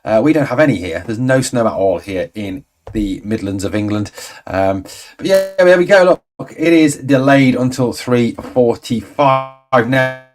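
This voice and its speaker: Hosting a fan livestream, this man in his forties speaks a little slowly in a medium-pitched voice with lively intonation. He rambles casually through viewer comments, with the occasional exasperated aside.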